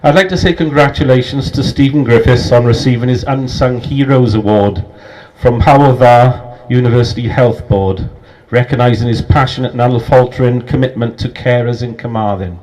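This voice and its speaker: A man's voice: medium pitch, moderate pace, hardly any pauses, darkish tone, rough recording. Man, host, formal announcing, introduction, pub function room. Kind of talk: reading an introduction.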